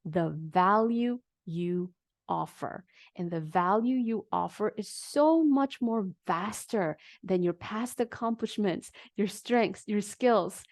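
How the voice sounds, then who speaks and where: Woman, workshop coach, calm guiding delivery, asks the audience questions, dry close sound. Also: medium pitch, dry recording. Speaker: negotiation coach leading a workshop. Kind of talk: live online workshop teaching.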